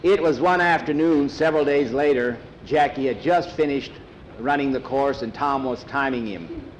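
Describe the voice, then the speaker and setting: A man telling a story aloud in a plain, unhurried, homespun way. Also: medium pitch, a little hiss or hum, rough recording. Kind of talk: oral storytelling.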